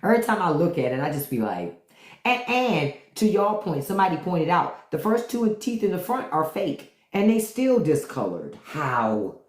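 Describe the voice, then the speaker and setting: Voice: mid-range voice, sing-song, normal speed. Profane, laughing livestream host in an echoey room. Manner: loose, profane storytelling with frequent laughter and hums. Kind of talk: casual livestream chat with viewers.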